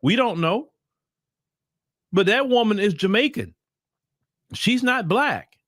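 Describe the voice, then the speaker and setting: A man's voice: sits high, expressive, slow, fairly bright tone, no echo, studio quality. A man hosting his own channel, giving opinionated political commentary in blunt, casual talk and repeating his points for emphasis. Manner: casual vernacular talk to viewers.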